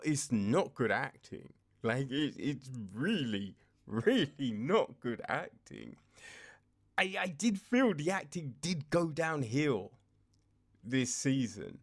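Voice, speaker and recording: A man ranting casually about a show's bad acting, exasperated and rambling, full of fillers and swearing, tired from being up in the small hours. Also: medium pitch. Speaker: show reviewer. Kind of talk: casual rant.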